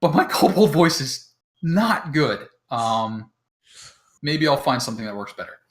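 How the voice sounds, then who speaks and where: A man's voice: medium pitch, animated, unhurried. A man running a tabletop game who talks a lot and mocks himself, explaining the rules casually with lots of ums. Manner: talkative and self-deprecating, with many fillers. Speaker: game master.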